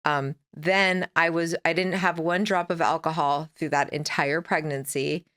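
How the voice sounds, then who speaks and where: A woman in her forties, appearing as a podcast guest, tells her story candidly and ramblingly, slipping into dialogue from her own past. Her fairly low voice has a bright tone, fairly even intonation, and a measured pace.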